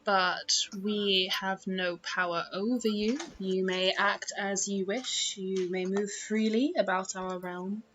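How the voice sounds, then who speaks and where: A woman voicing a gentle, pink-eyed male fey creature in a tabletop game, speaking calmly and formally. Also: mid-range voice, slow, hardly any pauses, muffled recording, slight background noise. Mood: serene. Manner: calm, formal and patient. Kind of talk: tabletop game role-play.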